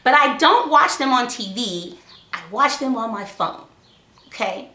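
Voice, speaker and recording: A woman giving casual parenting advice, lively and acting out what was said in a raised voice. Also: a little high, a little slow. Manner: lively, acts out quotes in a raised voice. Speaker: parenting talk co-host. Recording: echoey room.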